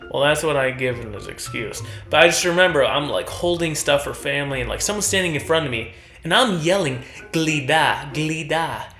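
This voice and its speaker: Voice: medium pitch, lively intonation, fairly quick, a bit bright, echoey room, soft background music. A stand-up comedian doing a comedy rant, acting out his relatives in raised voices. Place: college event stage.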